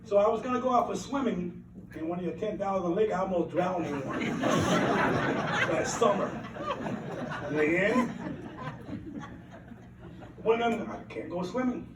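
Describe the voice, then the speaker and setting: An older man from Alabama speaks. He gives a rambling, earnest acceptance speech in a high voice and repeats key lines for emphasis. The voice is picked up from some way off in an echoey hall with a faint hiss. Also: takes it slowly, pauses often, a loud crowd. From Alabama, USA. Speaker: award recipient giving acceptance speech. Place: banquet hall at an awards event. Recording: roomy hall, mic at a distance.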